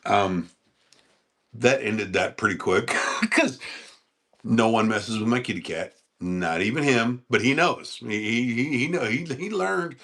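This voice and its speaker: Guy on a livestream, gravelly, slow and rambly, laughs a lot, lively pitch. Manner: rambling, laughs often, high sing-song baby talk to his dog. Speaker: livestream host talking to his dog and chat. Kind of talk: casual livestream chat.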